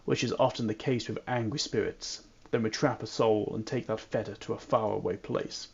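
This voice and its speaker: A man reading a calm voodoo practitioner with a put-on Irish accent, in a quiet, low, measured voice. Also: gravelly, husky, muffled recording. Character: calm middle-aged male voodoo practitioner. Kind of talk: reading game dialogue aloud.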